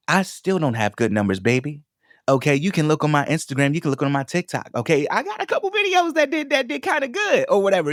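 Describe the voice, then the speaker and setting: A young man hosting a solo podcast in a sassy, affirming, casual way, calling his listeners baby and hyping them up. His voice sits at an ordinary middle pitch. The sound is dry and close, with no room around it. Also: dry recording. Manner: pep-talk, builds to emotional encouragement. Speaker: podcast host and food vlogger.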